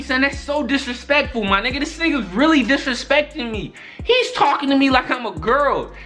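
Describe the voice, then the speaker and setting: A young man telling a story-time vlog in an exasperated, profane, animated way. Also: high-pitched. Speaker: YouTuber.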